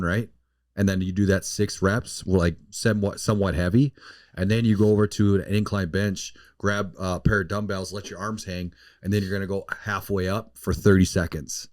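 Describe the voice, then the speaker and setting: A man's voice: lowish voice, darkish tone, no echo, studio quality. A young man with a cold, co-hosting a casual podcast, rambling and swearing as he searches for words. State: has a cold. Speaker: podcast co-host. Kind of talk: casual chat.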